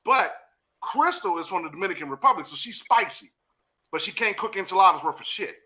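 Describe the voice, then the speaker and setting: A podcast host and acting teacher from Washington, D.C. runs a loose chat, speaking briskly high in his male range with a bright, forceful edge. Animated and often laughing, he coaches others and sets up scenes with lively energy.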